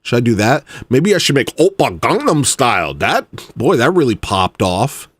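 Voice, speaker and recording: Man, musician, ranting monologue, heated, low grumbles then loud outbursts, medium pitch, dry recording. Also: very animated, moderate pace, breathy edge, no room sound. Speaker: independent musician.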